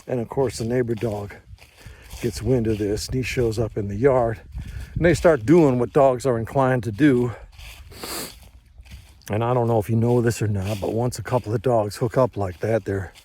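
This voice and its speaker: An older man telling a first-person story in a slow, measured, plainspoken and folksy way. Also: mid-range voice, steady tone, dark tone, slight background noise.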